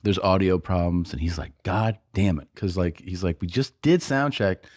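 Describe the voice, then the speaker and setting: A man's voice: deep voice, moderate pace, darkish tone, no echo, clean studio sound. A man on a podcast, casually telling a long story, acting out other people's lines and laughing often. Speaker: podcast co-host and comedian.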